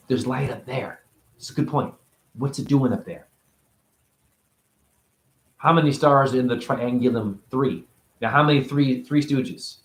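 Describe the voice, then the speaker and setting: A man giving a rambling spiritual monologue, free-associating and preachy, jumping between high exclamations and low mutters. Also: roomy sound. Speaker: spiritual teacher.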